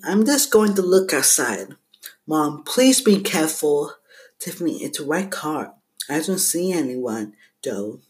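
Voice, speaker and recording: Slow-reading man with a headset. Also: a little high. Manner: reads each message with the sender's name, breaks off to chat with listeners. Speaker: podcast host reading message stories. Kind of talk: casual reading of a text-message horror story. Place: at home with household noise around. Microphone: headset mic.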